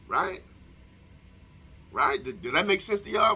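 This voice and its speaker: A man's voice: medium pitch, expressive, a little slow, bright, forceful tone, husky. A young man delivering a heated, profane opinion monologue to his viewers, firing off rhetorical questions. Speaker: vlogger. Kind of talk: casual opinion monologue to camera.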